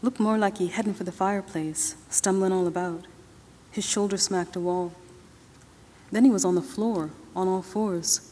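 With a mellow, steady mid-range voice and moderate pace, a female novelist reads aloud at an awards ceremony, narrating in a relaxed, drawling first person. She uses a podium microphone in a big hall with long reverb.

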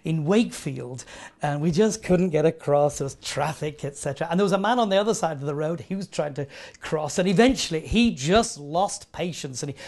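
A man delivers a sermon. He preaches earnestly and tells everyday stories, adding lively asides as he goes. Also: a little high, brisk. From northern England.

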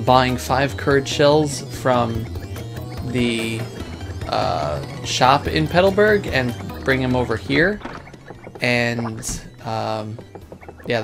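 Slow, laid-back gaming commentator man. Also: mid-range voice. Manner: laid-back, thinking out loud with many ums. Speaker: let's play host. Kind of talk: casual gameplay commentary. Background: game music.

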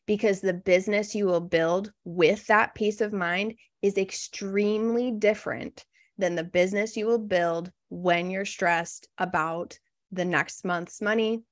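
A woman's voice: mid-range voice, no echo, studio quality. A woman copywriter as a podcast guest in casual interview chat, frank and reflective, with many "you know" fillers.

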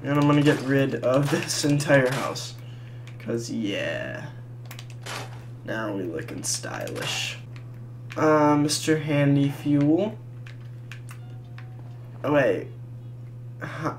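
Crude, slow-talking joking gamer. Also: medium pitch, big pitch swings, background noise. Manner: crude, joking, bursts into loud laughter. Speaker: let's play gamer. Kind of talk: casual gameplay commentary.

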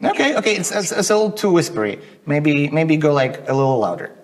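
A man casually giving a voice assistant requests, hesitant and halting. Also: fairly high pitch, big pitch swings. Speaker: tester.

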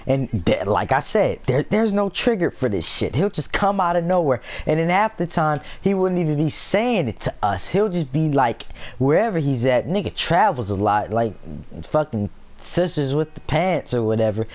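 A young man talks loosely over his gameplay, swearing and wandering off into side stories. His voice swings widely in pitch from one phrase to the next, never settling into a flat delivery. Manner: rambling, profane, laughing asides. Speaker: gameplay vlogger. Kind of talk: casual gaming commentary.

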